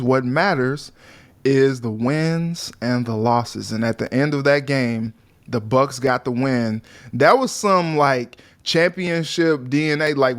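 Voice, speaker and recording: A young man co-hosting a sports talk show, chatting casually and animatedly, often acting out what players might say. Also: mid-range voice. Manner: animated, acts out players' voices in quotes.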